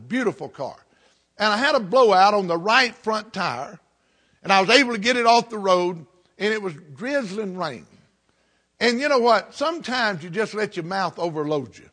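A man's voice: high-pitched, sharp tone. A middle-aged man from the Southern United States, preaching a sermon in a folksy storytelling way with country turns of phrase.

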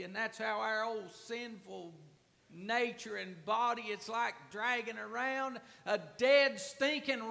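Man preaching, real high voice with a rasp, goes quiet then loud, long churchy reverb. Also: steady tone. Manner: swings from hushed asides to loud, drawn-out emphasis. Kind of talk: sermon.

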